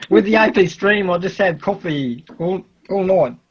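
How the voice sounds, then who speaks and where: High husky Australian man, rambling. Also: slow pace, lo-fi sound. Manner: rambling, laughs often, restarts. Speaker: stream co-commentator. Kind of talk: casual stream chat.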